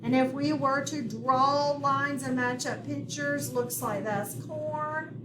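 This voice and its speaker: A woman teacher giving a step-by-step phonics lesson to children, speaking slowly and clearly. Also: sits high, fairly even intonation. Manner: slow, clear, step-by-step instruction. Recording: echoey room, far from the mic, noisy.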